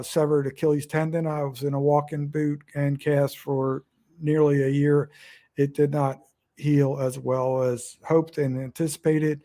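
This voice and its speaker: A man's voice: fairly high pitch, mellow. A middle-aged man from Delaware with a Northern US accent, rambling casually and self-deprecatingly to his phone's front camera at home. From Delaware, USA. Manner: meandering, self-deprecating, frequent restarts. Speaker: outdoors vlogger. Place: at home indoors.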